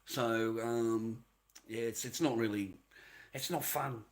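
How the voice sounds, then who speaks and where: A man's voice: mid-range voice, steady tone, slow pace. A man hosting a live stream, ranting heatedly in a profane and repetitive way to his viewers. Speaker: livestream host.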